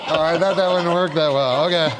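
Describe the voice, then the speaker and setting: A man's voice: a little high, fairly even intonation, fairly quick, very noisy. A man hosting a casual talk show, reading jokes off cards and breaking into laughter.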